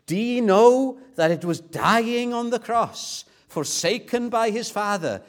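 A man's voice: high voice, animated, slow, pitched above the performer's own voice. A man voicing an eccentric old male professor who pleads fervently with his class, pressing insistent repeated questions. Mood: fervent pleading.

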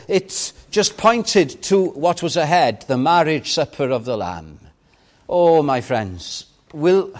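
An older man preaching slowly and deliberately. His pitch runs fairly high and moves a lot, swelling with fervor on key phrases and falling to near-whispers. He delivers it as a heartfelt sermon. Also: sing-song. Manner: impassioned preaching, swelling and dropping for emphasis.

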